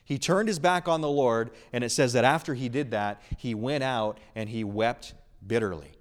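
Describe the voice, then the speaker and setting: A man preaching a sermon, earnest and emphatic, swinging between loud stresses and hushed lines. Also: medium pitch, moderate pace. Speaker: pastor.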